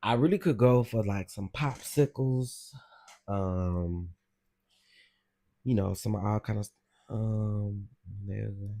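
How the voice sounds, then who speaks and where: A man's voice: on the low side, slow pace, pauses often, warm tone. A man hosting a casual livestream, gossiping animatedly and exclaiming straight to his viewers. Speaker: livestream host.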